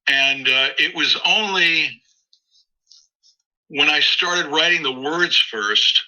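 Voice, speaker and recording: Bright-voiced man telling a rambling story. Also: a little high, slow, rough recording. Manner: rambling anecdotal, frequent restarts and acted quotes. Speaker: musician guest. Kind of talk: interview storytelling.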